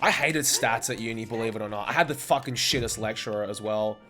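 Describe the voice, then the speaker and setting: A man's voice: fairly low pitch, fairly quick, pushed and bright, faint music behind. A young man, chatting casually and swearing often while playing a game on a live stream. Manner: swears often, rambling anecdotes with fillers.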